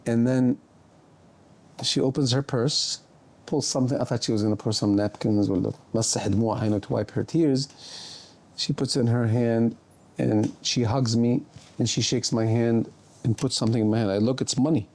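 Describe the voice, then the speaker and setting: A middle-aged man speaking as a guest surgeon, telling stories in an animated way and dropping Arabic words into his English. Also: mid-range voice, brisk. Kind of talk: conversational storytelling.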